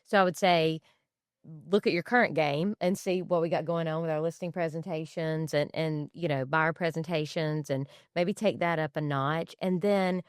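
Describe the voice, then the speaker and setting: A woman's voice: deep voice, fairly even intonation, moderate pace, clear, resonant tone, no echo, studio quality. A woman real estate agent, a podcast guest, giving thoughtful advice in an interview. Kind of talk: interview answer.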